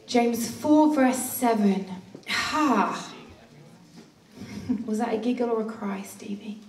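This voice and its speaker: A woman preaching a passionate sermon, with playful laughs and hushed asides. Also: on the high side, slow pace, vocal fry. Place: church hall. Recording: roomy church hall, distant mic.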